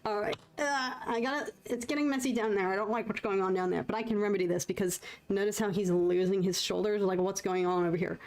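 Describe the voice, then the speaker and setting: A woman's voice: mid-range voice, fairly even intonation, fast, few pauses, darkish tone. A woman chatting casually to her viewers while painting on a live stream, rambling and self-conscious, with lots of fillers.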